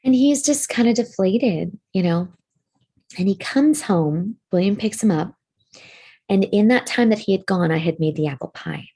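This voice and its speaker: A woman co-hosting a podcast, telling a personal story in a casual, animated way and swearing now and then. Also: medium pitch, normal speed, breathy edge. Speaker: podcast co-host.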